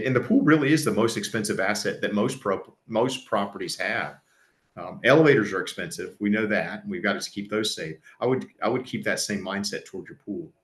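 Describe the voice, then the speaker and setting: A man with a fairly low voice gives an educational seminar talk. He is earnest and conversational and often restarts his sentences. The sound carries a noticeable room echo. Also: a bit bright. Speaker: pool service company presenter.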